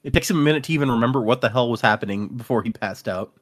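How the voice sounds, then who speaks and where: A man co-hosting a casual book discussion podcast, retelling chapters with animated energy. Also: mid-range voice, racing. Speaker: podcast co-host. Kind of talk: casual chat recapping a book.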